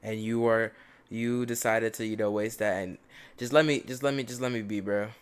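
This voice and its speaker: Smooth low-voiced joking young man. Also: steady tone. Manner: joking, interjecting, drawn-out pleas. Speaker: co-host. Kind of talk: casual chat.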